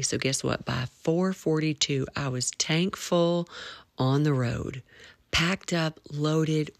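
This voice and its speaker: Low gravelly woman, rambling podcast chat. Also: no echo. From United States. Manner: rambling and chatty, often dropping to a near whisper; prayerful asides to God. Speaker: podcast host. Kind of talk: casual podcast monologue.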